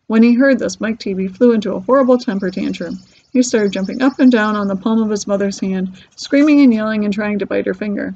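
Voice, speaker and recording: Woman reading a kids' novel aloud, husky and gravelly, somewhat high, dull lo-fi recording. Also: brisk, dark tone. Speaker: reader.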